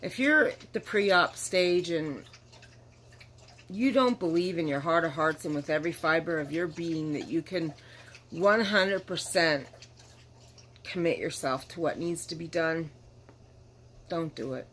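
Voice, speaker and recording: Woman, middle-aged, deep low voice, tired, rambling, apologetic, casual vlog, faint background hiss. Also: unhurried, long pauses, fairly bright tone. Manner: rambling, candid, apologetic, yawning. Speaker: vlogger. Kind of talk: casual vlog chat to camera.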